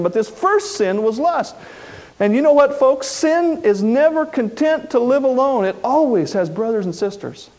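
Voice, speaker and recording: A male pastor preaching a sermon in an animated way, acting out the quoted voices. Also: high-pitched.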